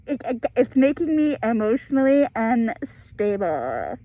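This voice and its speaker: Young woman, casual vlog chat, emotional, rambling, fillers and restarts, slightly high pitch. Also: unhurried, phone-quality sound. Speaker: reading vlogger.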